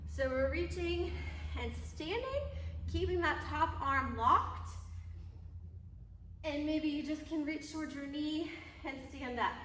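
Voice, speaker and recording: A woman's voice: high-pitched, pushed and bright, slight background noise. A woman fitness trainer explaining a kettlebell workout step by step while demonstrating the moves. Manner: clear step-by-step coaching, demonstrating while talking. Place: gym. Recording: echoey gym, mic at a distance.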